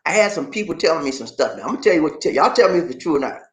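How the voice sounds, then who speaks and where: Man, middle-aged, show host, outspoken, animated, wide-ranging pitch, echoey room. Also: rapid-fire. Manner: animated, laughing, outspoken storyteller. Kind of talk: casual live-stream chat.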